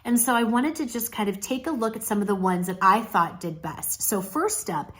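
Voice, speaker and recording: A woman's voice: medium pitch, lively intonation, moderate pace. A woman talking casually to camera as a pageant speaking coach, in an encouraging, coaching tone. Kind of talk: casual video commentary.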